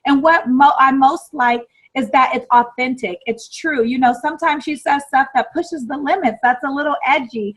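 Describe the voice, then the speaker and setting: A woman's voice: high voice, moderate pace, fairly bright tone, rough recording. An American woman hosting an online summit, gushing with enthusiasm and repeating words for emphasis. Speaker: summit host. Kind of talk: enthusiastic interview introduction.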